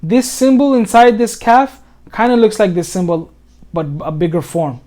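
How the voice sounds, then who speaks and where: A man's voice: high-pitched, lively intonation, warm tone. Patient man tutoring Quran recitation. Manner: patient, repeats words, many fillers and restarts, slows to recite. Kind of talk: informal one-on-one lesson over screen share.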